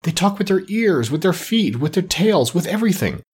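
A clever, bossy female parrot with a high, chirpy voice that swoops up and down as she lectures, as a man puts her on. Her tone is a little husky under the brightness, a storybook bird full of pride. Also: big pitch swings, moderate pace, full character voice. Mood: lecturing.

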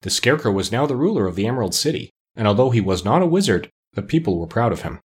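A man narrating a classic children's book as an expressive audiobook reading. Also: lowish voice, quick pace, slightly rough. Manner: expressive storytelling. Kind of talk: scripted narration.

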